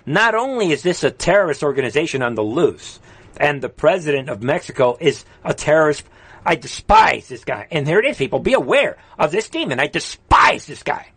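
A man's voice: fairly high pitch, very animated, fairly quick, slightly rough, no echo. A man hosting a political livestream, ranting fiercely and urging his viewers with repeated exhortations, then reading chat comments aloud. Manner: fiery, repetitive exhortations, swings from shouting to quiet.

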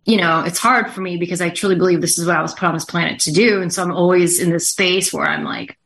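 Halting, earnest low-voiced woman guest. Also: fairly even intonation, a bit bright, slight background noise. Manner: halting, many fillers, earnest. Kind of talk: casual interview talk.

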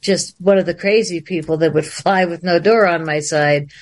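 A woman guest on a livestream interview, telling a long story in an animated way and laughing often. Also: fairly low pitch, moderate pace.

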